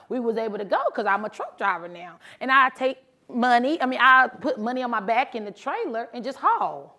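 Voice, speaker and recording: A woman who drives trucks, telling her story in a bubbly, animated motivational speech to a live audience and talking casually to the crowd. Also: fairly high pitch, a little fast. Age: adult, mother of sons. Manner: casual, chatty, addresses crowd as honey and y'all. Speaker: truck driver and social media creator. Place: live event before an audience.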